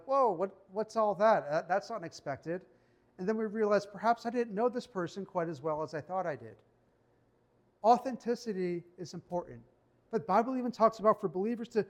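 A man with a high-pitched voice preaching a sermon in a church. He keeps it conversational and personal, and he slows his pace when reading Bible verses aloud. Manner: conversational preaching, reads scripture slowly. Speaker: pastor.

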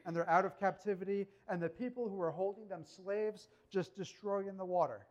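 A man with a high voice delivering a sermon. He talks in a conversational, animated way and keeps turning to the listeners with rhetorical questions. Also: lo-fi sound. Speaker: preacher.

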